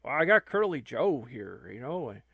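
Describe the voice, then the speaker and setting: A man's voice: mid-range voice, sing-song, moderate pace, vocal fry, fairly bright tone, slightly rough, no room sound. A man hosting a gaming channel, rambling through an improvised comic skit full of "you know"s and restarts. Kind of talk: improvised comic skit, talking to himself in character.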